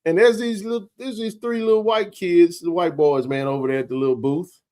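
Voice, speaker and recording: Livestream host, man from Mississippi, a bit high-pitched, animated storyteller. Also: fairly quick. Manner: animated, fired-up storytelling with filler words. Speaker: sports talk show host.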